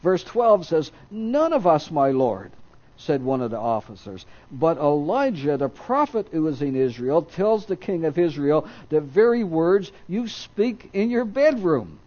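A man's voice: fairly high pitch, sing-song, unhurried, dark tone, dull audio. A man preaching a sermon, reading scripture aloud and acting out the quoted voices, stopping now and then to correct himself.

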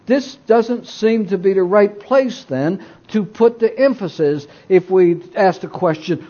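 Male preacher, slow and deliberate, husky mellow voice, dull lo-fi recording. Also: on the high side. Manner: deliberate, emphatic, asks the listeners rhetorical questions. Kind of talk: sermon with scripture reading.

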